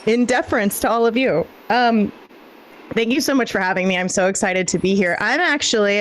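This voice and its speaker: A woman's voice: mid-range voice, slight background noise, poor audio. Self-deprecating woman doing stand-up. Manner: self-deprecating, punchy storytelling. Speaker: stand-up comedian. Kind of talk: stand-up set on a video call. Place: home in a warm city, daytime. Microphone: handheld microphone.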